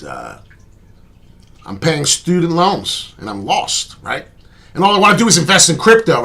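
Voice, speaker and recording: Husky, earnest man rambling on a vlog. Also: medium pitch, fairly bright tone. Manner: earnest, rambling and candid, with frequent "uh" and "right?"; profane, blunt talk. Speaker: crypto channel host. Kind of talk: off-the-cuff vlog monologue.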